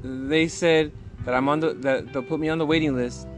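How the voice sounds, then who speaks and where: Man, slightly high voice, halting candid delivery, faint music under. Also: steady tone. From California. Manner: halting, with many restarts and pauses. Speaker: guest sharing recovery story. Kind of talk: candid conversational interview.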